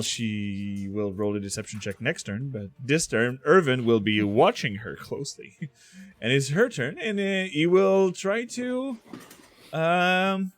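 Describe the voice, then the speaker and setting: A man narrating a tabletop game as game master, laughing and hesitant with fillers. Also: medium pitch.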